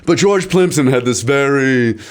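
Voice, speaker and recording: Guy rambling on a podcast as the guest, keeps hunting for words, normal pitch. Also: expressive, a little slow, clean tone. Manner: rambling, searching for words mid-sentence. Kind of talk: casual chat.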